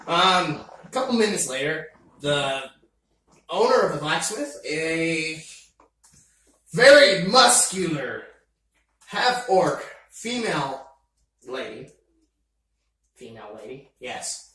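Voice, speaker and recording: A man's voice: fairly high pitch, big pitch swings, slow pace, long pauses, bright, forceful tone. A man narrating as game master of a tabletop game, rambling and laughing with lots of fillers. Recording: roomy, distant mic with faint noise.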